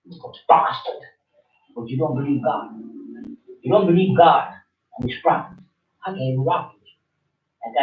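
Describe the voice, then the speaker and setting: A man preaching an informal sermon, swinging between loud bursts and soft asides in slangy, animated speech. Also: a little high. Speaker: religious teacher. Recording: tinny, echoey room, from far off.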